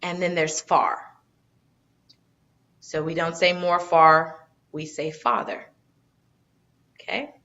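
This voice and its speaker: A woman teaching an English grammar lesson in a classroom, lively and stressing example words slowly. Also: low voice, reverberant, muffled recording. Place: classroom, moving between boards.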